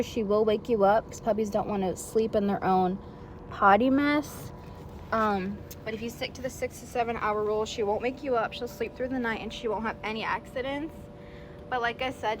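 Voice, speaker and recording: A woman dog trainer giving friendly, explanatory tips to a puppy's new owners, with fillers and easy restarts. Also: background noise. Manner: switches to a high, sing-song praise voice with the puppy. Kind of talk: instructional video for a puppy's owners.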